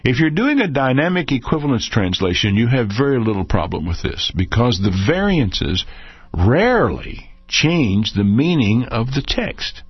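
An older man giving a measured teaching talk on Bible translation, stretching key words for emphasis, in a dull lo-fi recording. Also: mid-range voice, sing-song, slightly rough, dry recording.

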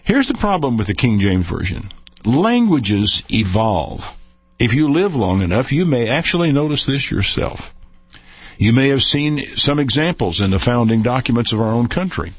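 An older man talks through a Bible lesson in a measured, explanatory way, leaning on key words for emphasis. His husky voice rises and falls in a lively, animated way. The recording is dry and dull, with a lo-fi quality. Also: mid-range voice, no room sound. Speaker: Bible teacher. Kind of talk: unscripted teaching talk.

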